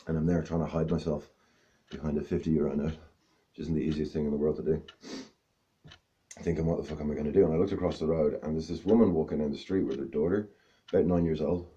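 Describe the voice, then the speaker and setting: A man's voice: extremely low pitch, fairly even intonation, fast talker, long pauses, dark tone, lo-fi sound. A man doing stand-up, telling a long rambling story with self-mocking asides. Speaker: stand-up comedian.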